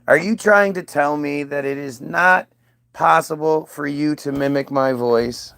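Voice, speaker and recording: Man, fairly high voice, insistent and coaxing, casual chat, dry close sound. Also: measured pace, gravelly, a bit bright, dry recording, soft background music. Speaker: streamer talking to an AI.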